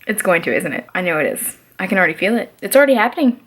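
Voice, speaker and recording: A woman's voice: mid-range voice, expressive, racing, a little hiss or hum. A young adult woman casually vlogging about her reading, gushing and emphatic, full of fillers. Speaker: book vlogger.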